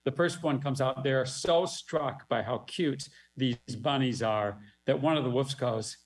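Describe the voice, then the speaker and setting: A man presenting a music-teacher webinar, explaining a children's musical in an animated, chuckling way. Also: mid-range voice, a little slow, hardly any pauses. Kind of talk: casual webinar walkthrough.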